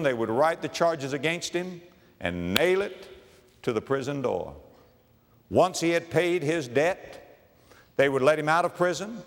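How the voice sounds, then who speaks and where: A man preaching a sermon, swinging from loud declarations to hushed low phrases, with slow emphatic repetition. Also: long reverb tail.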